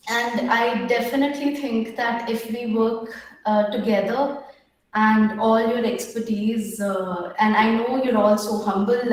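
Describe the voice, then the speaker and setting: A young woman pitching her startup, a bit nervous, with many filler pauses and restarts. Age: young adult. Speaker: startup founder. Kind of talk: pitch at an online women entrepreneurs' meetup. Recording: very echoey room.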